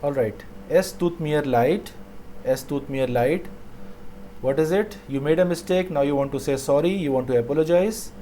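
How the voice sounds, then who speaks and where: A man teaching a language lesson, saying each phrase slowly twice and then explaining it. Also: fairly high pitch, dark tone, slight background noise.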